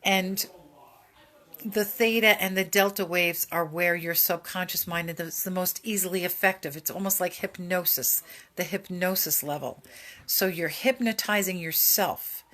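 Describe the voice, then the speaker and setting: A woman's voice: fairly low pitch, measured pace, a bit bright. A woman hosting a casual self-help podcast, speaking earnestly and rambling, with frequent fillers and restarts. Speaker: podcast host.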